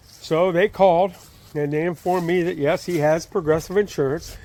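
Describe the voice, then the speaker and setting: A man's voice: fairly high pitch, a little fast, warm tone. A man telling a story in a casual way, rambling with many fillers and restarts, beside his trailer outdoors. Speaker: channel host telling a story.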